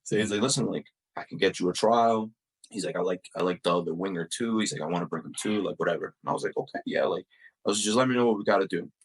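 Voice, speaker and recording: A man's voice: low voice, quick pace, slightly rough, low-quality recording. A young man from Uruguay and the US, telling stories in a casual podcast interview, packing his speech with "like" and "you know". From Uruguay and the United States. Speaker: podcast guest, soccer player.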